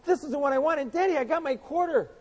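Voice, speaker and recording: A preacher voicing an excited six-year-old boy who begs his dad for a bike, his voice raised high and eager. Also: fast, long reverb tail.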